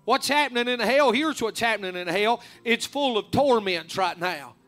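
A man preaching a fervent sermon, rising to loud emphatic peaks. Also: very high-pitched, animated, normal speed, faint music behind.

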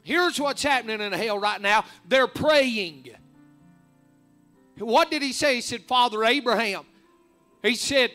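A man preaching a fervent sermon, rising to loud emphatic peaks. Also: very high-pitched, a little slow, long pauses, faint music behind.

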